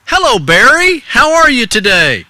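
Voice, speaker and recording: Preacher playing a friendly, coaxing shopkeeper. Lively, bright voice, recorded dry and close. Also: male voice, very high voice, unhurried, no room sound, voice pushed up, heavily acted. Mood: kindly, coaxing. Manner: warm, friendly, gently coaxing. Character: kindly grown male grocery store owner.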